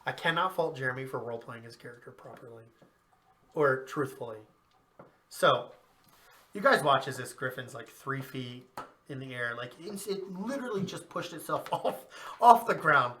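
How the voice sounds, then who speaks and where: Casual game master, bright tone, relaxed narration with frequent laughs. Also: male voice, medium pitch, normal speed.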